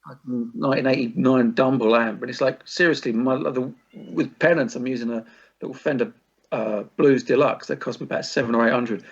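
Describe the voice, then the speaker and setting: A man's voice: mid-range voice, a little fast, vocal fry, husky. A man and musician guest chatting casually on a podcast, laid-back, swearing freely and laughing often. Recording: dull lo-fi recording.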